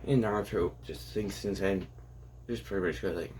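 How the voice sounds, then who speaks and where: A young man casually narrating an improvised fan story, rambling and halting with many fillers and restarts. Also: low voice, darkish tone, slight background noise.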